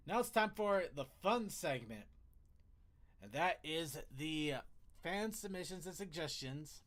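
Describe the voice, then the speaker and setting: A man's voice: on the high side, expressive, a little slow, a bit bright. A man hosting a casual online panel show, rambling through segments, laughing often and restarting his words. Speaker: podcast host.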